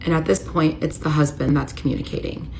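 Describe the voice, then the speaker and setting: A woman's voice: low-pitched, steady tone, a little fast, gravelly, a little hiss or hum, poor audio. An American woman in her thirties telling an emotional personal story in a confessional storytime style. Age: 30s. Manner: emotional, rising to near-shouting when retelling the confrontation.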